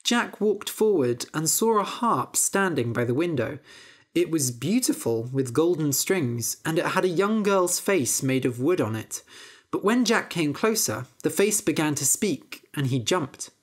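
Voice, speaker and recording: A woman reading a fairy tale aloud as a storyteller, slow, clear and expressive for English learners. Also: deep voice.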